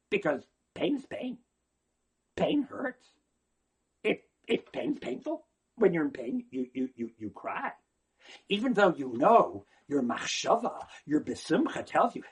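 A man giving an animated religious talk, swinging from hushed asides to near-shouting and often repeating words. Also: high-pitched, measured pace, slightly rough.

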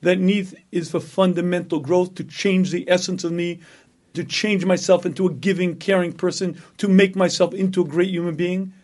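A rabbi giving a Torah lecture, speaking emphatically, asking rhetorical questions and repeating phrases for effect. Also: male voice, fairly high pitch, a little mellow. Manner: acts out an inner voice in dialogue.

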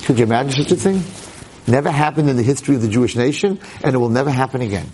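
A man giving a storytelling Torah lecture as a rabbi, dramatic and conversational, swinging from hushed lines to excited exclamations. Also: mid-range voice, racing, slight background noise. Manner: conversational, with frequent asides.

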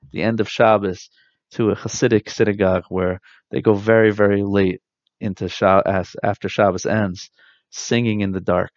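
A man, likely in his thirties, giving an earnest, reflective spiritual talk with soft pauses. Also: lowish voice, dry recording. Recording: dull dry lo-fi sound.

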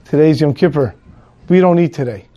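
A man's voice: a little high, a little fast, mellow, lo-fi sound, close to an everyday voice. A man voicing a steadfast Jewish camp capo who speaks firmly and plainly. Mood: defiant.

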